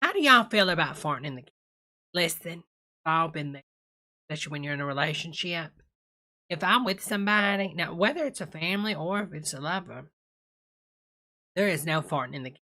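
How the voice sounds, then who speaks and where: Bright, sassy woman reacting on camera. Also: sits low, animated, brisk, long pauses. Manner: sassy, calls everyone honey. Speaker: reaction video host. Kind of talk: comic reaction commentary.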